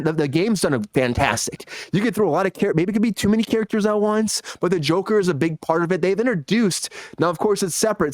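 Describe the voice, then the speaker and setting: A man's voice: high-pitched, no room sound. A man on a casual panel podcast, musing aloud, asking questions and hedging his opinions.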